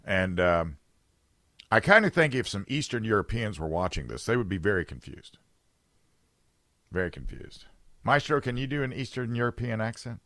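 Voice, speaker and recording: A man's voice: lowish voice, very animated, normal speed, long pauses, a bit bright, no room sound. A man hosting a talk radio show, rambling and sarcastic in an opinionated chat from a studio.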